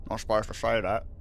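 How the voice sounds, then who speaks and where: A man's voice: medium pitch, vocal fry, slight background noise. A man hosting a livestream in casual, rambling chat, swearing freely and laughing often. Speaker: livestream host.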